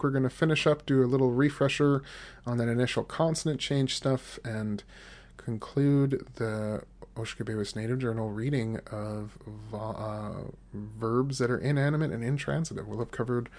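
Patient man with a gravelly voice. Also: medium pitch, a little mellow. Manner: patient, repeats phrases slowly for learners. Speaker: language teacher. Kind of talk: podcast language lesson. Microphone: desk microphone.

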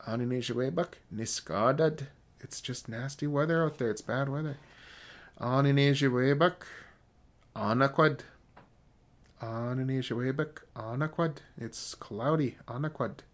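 Male language teacher, relaxed explainer, works through examples. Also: medium pitch. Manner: casual, explains slowly with examples. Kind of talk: language lesson.

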